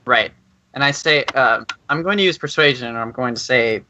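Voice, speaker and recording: Young-sounding male player, bright and sharp tone, stammers, lo-fi voice chat. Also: mid-range voice, normal speed. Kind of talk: casual tabletop play.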